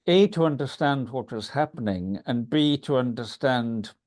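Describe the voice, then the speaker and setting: A man from Scotland with a Scottish accent, a podcast guest telling stories in an animated way. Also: normal speed. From Scotland, Isle of Lewis. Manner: animated storyteller, pitch leaps when excited. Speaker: guest, writer. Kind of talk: conversational storytelling.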